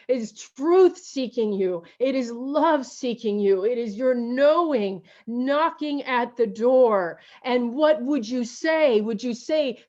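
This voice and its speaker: A woman pastor preaching a slow, emotional, repetitive sermon over a video call. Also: sits high, darkish tone, dull audio. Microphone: video call mic.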